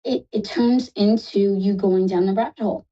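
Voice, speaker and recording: This psychic reader does a tarot reading for a caller on a live call-in show, reassuring and chatty, using endearments like "love." She speaks at a normal speed in a warm, mid-range voice with a steady tone. The recording is muffled.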